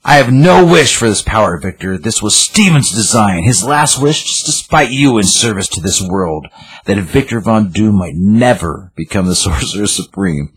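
A man voicing a proud, regal sorceress who speaks in a lofty, mocking, measured way while reading out comic dialogue. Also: on the low side, animated, husky, exaggerated voice, low-quality recording. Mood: stern. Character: regal sorceress woman, calm, cutting and proud.

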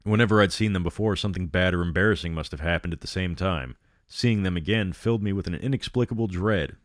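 A man's voice: deep voice, fast, no room sound, clean studio sound. A man narrating a horror story aloud, with sardonic asides between passages.

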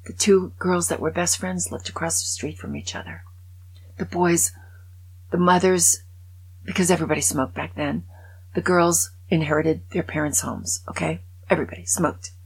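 A woman over sixty-five hosting her podcast, telling a long joke in a casual conversational way and dropping to a hushed voice for the sad parts. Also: low-pitched, normal speed, breathy edge. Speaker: podcast host.

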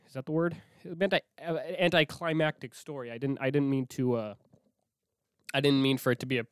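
A young man from Minnesota telling a spooky childhood story in a casual, animated way, swearing often and dropping to a whisper when he quotes himself. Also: mid-range voice, clean tone, dry recording, clean studio sound. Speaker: host.

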